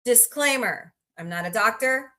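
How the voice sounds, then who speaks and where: A woman's voice: fairly high pitch, lively intonation, a little slow, pushed and bright. A woman hosting a casual livestream, chatting, greeting viewers by name and rambling through asides. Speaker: livestream host.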